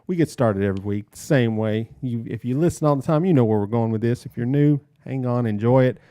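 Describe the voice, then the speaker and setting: A man's voice: mid-range voice, fairly quick, dark tone, dry recording. A man hosting a casual podcast with his brother and a friend, with jokey, upbeat emcee patter. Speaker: podcast host.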